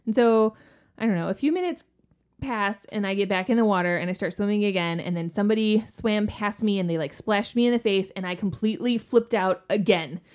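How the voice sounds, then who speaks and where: A woman in her forties co-hosting a podcast, telling a story in a casual, animated way and acting out the quotes. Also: a little fast. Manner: animated, acts out quotes with big pitch jumps. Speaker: podcast co-host.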